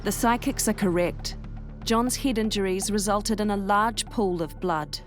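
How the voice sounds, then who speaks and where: A woman giving scripted documentary narration in a measured, even way. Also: medium pitch, music in the background.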